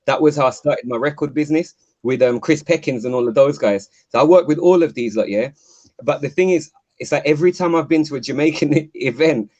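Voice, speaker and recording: A caller from London phones in to a live show from home over a video call, chatting casually. He tells rambling stories packed with fillers and restarts, his fairly high, slightly mellow voice coming through with lo-fi sound.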